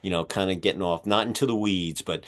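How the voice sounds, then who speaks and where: A man hosting a podcast interview, talking in a rambling, energetic way with many fillers, his voice going hoarse as he keeps clearing his throat. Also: low voice, fast talker. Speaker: podcast host and magazine publisher. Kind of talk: casual interview chat.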